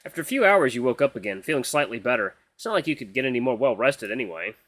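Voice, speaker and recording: A man reading a visual novel aloud with playful, animated asides. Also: mid-range voice, quick pace, no room sound.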